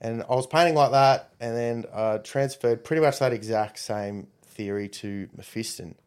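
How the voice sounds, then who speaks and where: Man, casual storytelling, rambling, lively quoted voices. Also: medium pitch, normal speed, clear, resonant tone. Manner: rambling, animated when quoting others.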